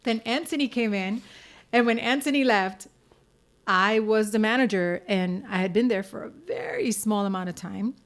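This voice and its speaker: A woman's voice: medium pitch, sing-song, moderate pace. An American woman, a singer-songwriter and actress, telling her story candidly in a casual interview and acting out the voices of people she quotes.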